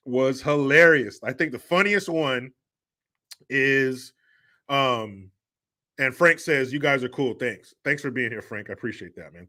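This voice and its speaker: Bright-voiced rambling male host. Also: medium pitch. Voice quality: rambling, laughing, profane. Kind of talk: casual rant and chat.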